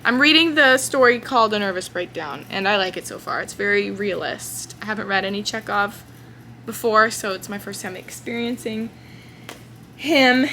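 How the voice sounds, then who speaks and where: Young woman book vlogger, bright and chatty, lots of fillers and excited bursts, talking at home with faint noise behind her. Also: medium pitch. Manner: chatty and expressive, with frequent fillers and sudden excited outbursts. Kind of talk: casual reading vlog chat. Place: home, indoors.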